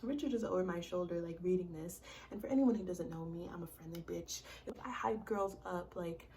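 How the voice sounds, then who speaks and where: A young woman vlogging a casual storytime, talking in a chatty, animated way, full of "like" and swearing. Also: fairly low pitch, fairly quick.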